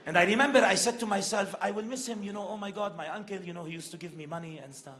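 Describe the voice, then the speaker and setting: A man playing a defiant old Lebanese shopkeeper who speaks with a deadpan, grave, gruff tone. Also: sits high, fast talker. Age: older. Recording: echoey open-air stage.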